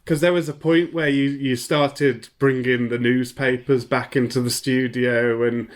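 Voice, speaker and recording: A man's voice: mid-range voice, fairly even intonation, unhurried. Man, host, casual chat, joking, informal. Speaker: interview host.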